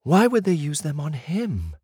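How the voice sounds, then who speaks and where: A sharp-tongued young warrior woman, suspicious and quick to anger, as a male audiobook narrator raises his voice to play her. She sounds noticeably higher than the deep reading voice around her. The sound is close and dry. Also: wildly swooping pitch, husky, dry recording, full character voice. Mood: alarmed. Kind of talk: audiobook character voice.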